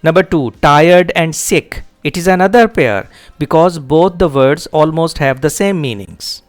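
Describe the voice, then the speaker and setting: A man giving a classroom lecture on a poem exercise, repeating and spelling out key words deliberately. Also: fairly high pitch, faint music behind. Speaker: English teacher.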